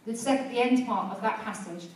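A woman's voice: on the high side, fairly quick, darkish tone, slight background noise. A woman preacher giving a sermon and prayer, telling stories in a conversational way and building to fervent exhortation. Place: church hall. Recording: very echoey church hall, heard from a distance.

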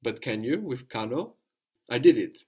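A man teaching a spoken language lesson, patiently prompting his student and repeating each answer slowly. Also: medium pitch, lively intonation, darkish tone, breathy edge.

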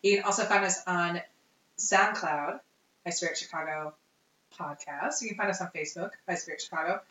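A hoarse woman co-hosts a casual podcast, her voice still bright and forceful despite the illness. She laughs often and swears freely. The sound is roomy and echoey, a little dull. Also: on the low side, brisk. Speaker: podcast co-host. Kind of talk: casual chat.

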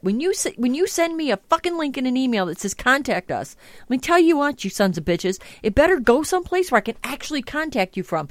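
A woman's voice: high-pitched, no room sound. A woman hosting a podcast, chatting casually and ranting with lots of swearing. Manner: profane, ranting, exasperated. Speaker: podcast host. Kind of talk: casual chat.

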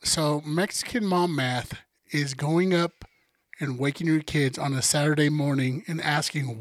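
A man's voice: on the high side, measured pace, dry recording. A young man co-hosting a podcast, swearing and joking as he tells family stories. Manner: profane, joking, tells stories with animated quoted voices. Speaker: podcast co-host. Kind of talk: casual podcast banter.

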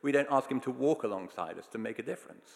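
A man's voice: mid-range voice, animated, quick pace, creaky. A man preaching a sermon, telling stories in an earnest, emphatic way. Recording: long hall reverb.

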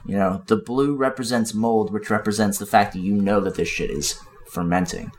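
A man who is a guest on a comedy podcast, talking casually and joking, playing a self-styled expert who hesitates, restarts and fills his pauses with ums. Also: on the low side, steady tone, a little hiss or hum.

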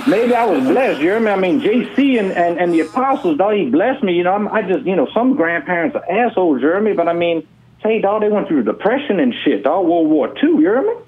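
A man's voice: high-pitched, sing-song, fast talker, darkish tone. A man voicing a boastful, rambling streetwise rapper who ends almost every line with "you hear me" and "dawg", in an improvised radio comedy bit. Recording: muffled radio broadcast.

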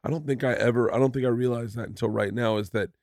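A man's voice: mid-range voice, steady tone, quick pace, vocal fry, a little mellow, slight background noise. A man hosting a casual podcast chat, laughing often and swearing casually. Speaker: podcast host.

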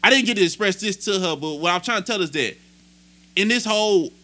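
A young man co-hosting a podcast, telling a story in casual, animated, profane chat. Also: sits high, fairly quick. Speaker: podcast co-host.

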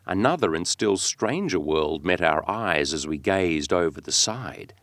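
A man narrating a classic novel in an expressive, dramatic reading that slows and speeds with the text. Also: sits low, dry recording. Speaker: audiobook reader.

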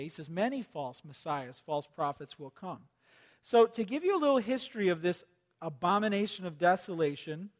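High-voiced animated preacher, long hall echo. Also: male voice. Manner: animated, acts out quoted voices, asks the audience to take notes. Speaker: pastor. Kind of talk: sermon.

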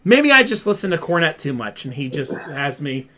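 Man, high voice, very lively pitch, exasperated ranting, casual podcast co-host. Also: moderate pace. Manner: animated, ranting and exasperated, mimics fans in quoted voices. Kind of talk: casual wrestling podcast chat.

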